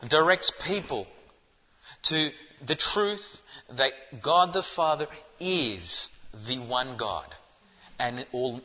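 A man preaching a sermon in an emphatic, insistent way, pressing his listeners with rhetorical questions. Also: a little high. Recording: dull muffled sound with long hall reverb.

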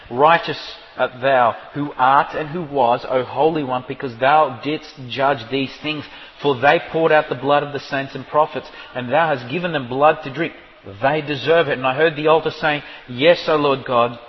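A man with a high voice preaches a sermon, reading verses and pressing his point with emphatic repetition. His voice rings out with a long reverb, as if he is speaking in a big hall. The sound is muffled and lo-fi. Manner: emphatic, rising to shouts when stressing a point; reads scripture aloud, repeats words and restarts. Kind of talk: sermon, Bible exposition.

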